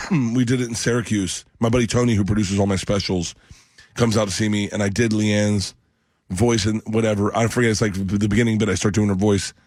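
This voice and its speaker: A man's voice: lowish voice, fairly even intonation, fairly quick, darkish tone, dry recording. A man telling funny family stories as a comedian guest in a radio studio, laughing as he talks and acting out other people's voices. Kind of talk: storytelling on a radio show.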